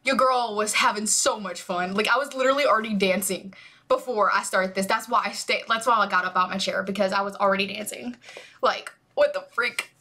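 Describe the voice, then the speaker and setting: A woman hosting a music reaction video, gushing and animated, breaking into squeals and whispers while wearing headphones. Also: mid-range voice, a little fast. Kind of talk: excited music reaction chat.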